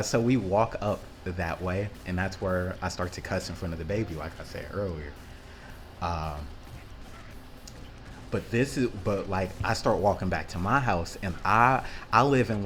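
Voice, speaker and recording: A man telling a loose, profane story in casual rambling style, acting out the quotes with lots of fillers. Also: low voice. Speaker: vlogger.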